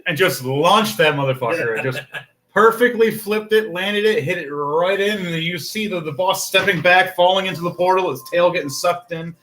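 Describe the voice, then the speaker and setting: A man narrating as game master of a tabletop game, excitable, swearing and laughing often. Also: high voice, moderate pace, slight background noise.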